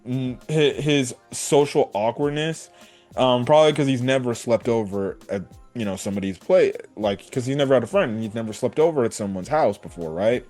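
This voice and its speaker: A man casually recapping an anime episode in a rambling way, full of fillers and quick acted-out quotes. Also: medium pitch, darkish tone, faint music behind. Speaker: anime reviewer. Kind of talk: casual spoken episode review.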